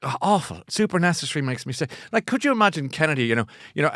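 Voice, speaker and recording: A man with an Irish accent hosting a book show, chatty and animated, often laughing at himself. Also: a little high, racing, no echo, studio quality. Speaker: host. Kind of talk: casual chat.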